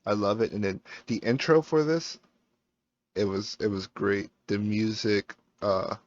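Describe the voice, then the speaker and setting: A man's voice: lowish voice, unhurried. Tired, rambling man on a dull mic. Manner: excited, rambling, many fillers and restarts. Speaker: YouTube reviewer. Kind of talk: casual spoilers review. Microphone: home microphone.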